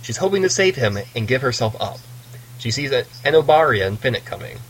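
A man's voice: medium pitch, very animated, a little fast, breathy edge, rough recording. Man casually recapping a story. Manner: storytelling recap with playful asides. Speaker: podcast co-host recapping a novel. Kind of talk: casual book discussion.

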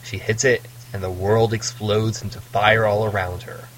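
A man's voice: fairly low pitch, little pitch movement, moderate pace, a bit bright, rough recording. Man casually recapping a story. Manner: storytelling recap with playful asides. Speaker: podcast co-host recapping a novel. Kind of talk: casual book discussion.

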